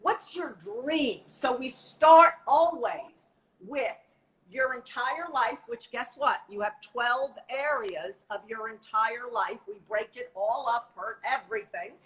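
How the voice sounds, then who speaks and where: A woman's voice: fairly high pitch, slow pace, a bit bright, rough recording. A woman life coach talking animatedly in a casual live-stream conversation.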